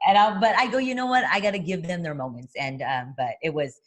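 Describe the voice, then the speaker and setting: Low-voiced woman telling a story. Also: fairly quick, background noise. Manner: lively storyteller who acts out quoted voices; frequent fillers and restarts. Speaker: boxing broadcaster and interview guest. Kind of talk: casual interview chat.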